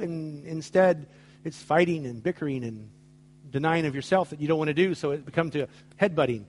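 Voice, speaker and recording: Emphatic male preacher. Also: a little high. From United States. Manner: storytelling with acted-out dialogue, emphatic. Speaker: pastor. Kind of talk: sermon.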